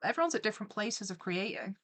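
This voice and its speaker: Excitable woman streamer reading chat. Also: medium pitch, fast talker. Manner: excitable, reacts loudly to viewer stories; reads viewer comments aloud and comments on them. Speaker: streamer and animator. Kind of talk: live-stream chat while animating.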